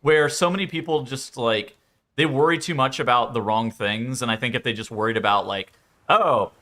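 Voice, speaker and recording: A man's voice: medium pitch, steady tone, fairly quick, a bit bright. A man chatting casually on a game stream, rambling, swearing freely and laughing often.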